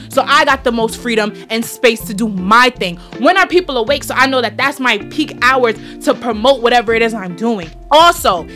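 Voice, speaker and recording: Brief: twenties New York woman, podcast host, blunt and profane, sharp bright tone, faint music under her. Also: fairly high pitch. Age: 20s. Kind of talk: blunt motivational monologue.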